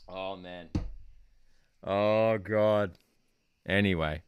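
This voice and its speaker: A young Australian man hosting a live football watchalong, excitable and prone to saying "dude", swinging between shouting and muttering. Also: low-pitched, slow, long pauses, clean tone, no echo, clean studio sound. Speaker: football channel host. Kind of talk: live match watchalong commentary.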